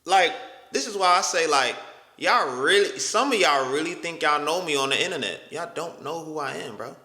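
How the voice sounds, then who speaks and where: An exasperated young man talks back to a video about himself, incredulous and full of swearing. His voice is bright and jumps around a lot. The room is echoey, with a long reverb tail. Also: a little high, lively intonation, moderate pace. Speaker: YouTuber reacting to a critic's video. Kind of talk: casual reaction commentary.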